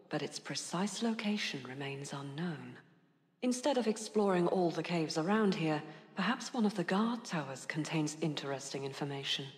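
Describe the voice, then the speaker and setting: An actress playing a composed adult British explorer in a video game, speaking in a calm, measured, precise way. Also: female voice, on the low side, close to an everyday voice. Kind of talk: game character dialogue. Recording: roomy echo with long reverb.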